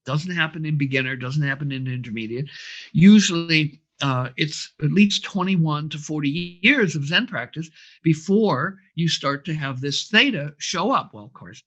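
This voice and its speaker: Man telling stories, slightly high voice. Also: animated, normal speed, a bit bright. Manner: anecdotal, frequent fillers. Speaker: brainwave training instructor. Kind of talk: storytelling interview answer.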